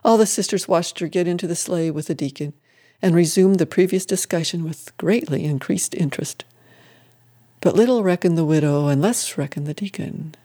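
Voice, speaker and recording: A reader tells an old-fashioned tale in steady audiobook narration. The tone is mellow and dark, with no sharp edges. The pacing is even throughout. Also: medium pitch, moderate pace. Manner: steady storytelling.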